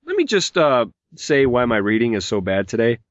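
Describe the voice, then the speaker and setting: Joking podcast host with a headache. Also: male voice, mid-range voice, big pitch swings, moderate pace, dry recording. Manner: jokey, rambling, reads listener messages aloud. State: mild migraine. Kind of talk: casual podcast chat. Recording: dull lo-fi podcast audio, dry.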